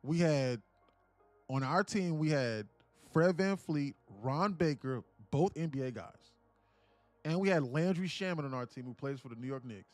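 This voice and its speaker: A day trader in his late twenties, with a fairly high voice, tells a story at normal speed to his live stream chat. His retelling is animated, profane, and slangy, recorded dry with soft background music.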